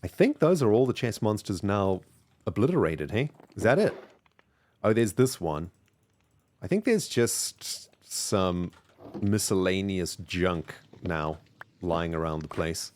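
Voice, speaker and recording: Streamer, male, low voice, South African accent softened by British, chatty and rambling. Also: very animated, takes it slowly. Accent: mixed South African and British English. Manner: chatty, thanks viewers warmly, rambling with fillers. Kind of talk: casual live-stream chat while gaming.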